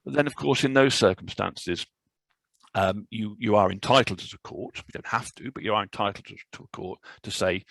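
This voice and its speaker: A man presenting a legal webinar as a barrister, speaking in a measured, explanatory way with frequent fillers, over a video call. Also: lowish voice, gravelly, a bit bright, no room sound, low-quality recording. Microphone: video call microphone.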